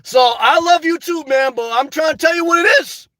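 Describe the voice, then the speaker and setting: A man's voice: very high voice, fairly quick, a bit bright, no echo. An older man hosting a casual live stream, reading viewer comments aloud and answering them by name in a blunt, unfiltered way, swearing freely.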